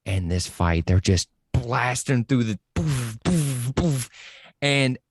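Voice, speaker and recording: An animated man in a casual movie chat, breaking into high-pitched exclamations whenever a scene excites him. His voice sits at a middling pitch and is recorded close to the mic. The sound is dry, with no room echo. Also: slow, slightly rough. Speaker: pop culture podcast guest. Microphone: close microphone.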